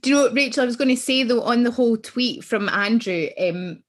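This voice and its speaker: A woman's voice: fairly high pitch, fairly quick. A Scottish woman co-hosting a podcast, chatting casually, emotional and swearing freely. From Scotland. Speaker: podcast co-host. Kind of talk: casual chat.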